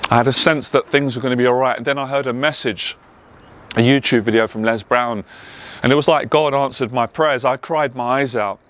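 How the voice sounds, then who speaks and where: A man's voice: medium pitch, fairly even intonation, a little fast, fairly bright tone. Earnest London man sharing his story. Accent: London English. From England. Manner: earnest, emotional, repetitive emphatic phrasing. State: tearful at times. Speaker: motivational speaker. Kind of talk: personal testimony monologue.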